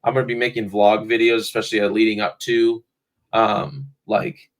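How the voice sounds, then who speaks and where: A man's voice: lowish voice, level tone, normal speed. A man co-hosting a podcast in casual chat, rambling easily with plenty of fillers. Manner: easygoing, rambling, many fillers. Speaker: podcast co-host.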